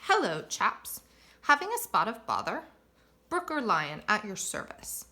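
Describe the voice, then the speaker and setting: A man's voice: high voice, wildly swooping pitch, a little slow, bright, forceful tone, full character voice. A woman voicing a cheerful elderly male lion who owns a castle, hearty and proud in a read-aloud storybook. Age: older. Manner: hearty, proud, old-fashioned British phrasing.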